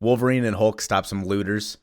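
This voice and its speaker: A man's voice: on the low side, steady tone, a little fast, no echo. Chatty man recapping comics, dry sound. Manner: chatty, filler-heavy, wry asides.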